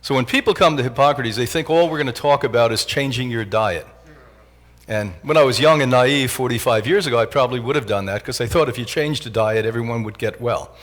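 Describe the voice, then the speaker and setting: Older man, motivational lecture, joking, animated, laughs at his own lines, mid-pitched voice. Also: brisk. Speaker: health institute director giving a talk. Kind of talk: motivational lecture to a live audience.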